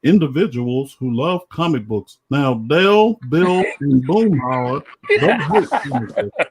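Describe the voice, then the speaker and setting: Man impersonating a stern middle-aged Texan salesman, slow drawl, pitched up. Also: animated, husky. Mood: folksy.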